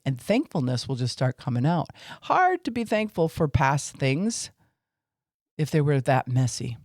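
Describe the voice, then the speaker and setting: A man's voice: mid-range voice, big pitch swings, normal speed, a little mellow, no echo, clean studio sound. A man teaching on faith and emotions in an informal podcast talk, with fillers, acting out what people say.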